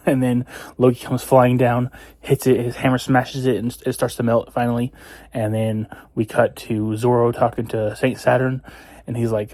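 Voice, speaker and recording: A man's voice: medium pitch, level tone, brisk, darkish tone, dry recording. Rambling casual man, dry close sound. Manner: rambling, strings events with "and he's like"; many fillers (uh, um, like). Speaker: manga reviewer. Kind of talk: casual chapter recap.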